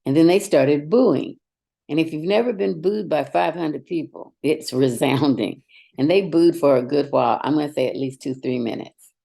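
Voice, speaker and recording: Low, gravelly-voiced woman telling stories. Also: moderate pace. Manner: animated anecdotes, emphatic and direct. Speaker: educator and podcast guest. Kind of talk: storytelling in conversation.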